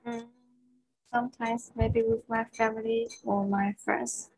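Slow, husky-voiced female student. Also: fairly high pitch, level tone, a little mellow, poor audio. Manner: hesitant, short answers with fillers. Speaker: English student. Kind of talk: answering speaking-test questions.

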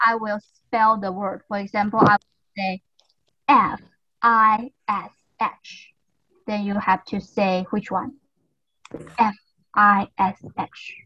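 A woman teaching English to young learners over a video call, speaking slowly and patiently with lots of encouragement and careful repetition. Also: mid-range voice, a bit bright, dull audio. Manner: patient, slow and encouraging, repeats words carefully. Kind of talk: online class drills.

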